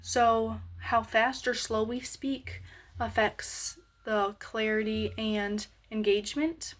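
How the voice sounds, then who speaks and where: A woman explaining a lesson on voice slowly, with many pauses and fillers. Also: a little high, steady tone.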